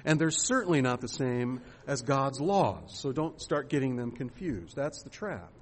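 A man's voice: mid-range voice, animated, measured pace, a little hiss or hum. A man pastor giving a sermon in a conversational way, asking rhetorical questions and using fillers.

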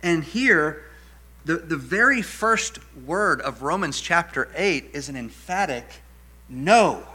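A man's voice: on the high side, animated, measured pace, sharp tone. A middle-aged male pastor preaching an earnest teaching sermon, stumbling over restarts and repeated words and leaning hard on key words for emphasis.

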